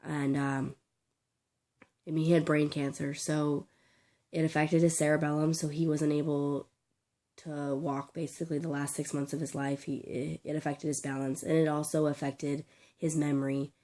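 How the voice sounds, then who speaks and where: A young woman with a sore throat talking in a personal vlog, halting, tearful and full of restarts. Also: low-pitched, flat delivery, mellow. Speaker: vlogger.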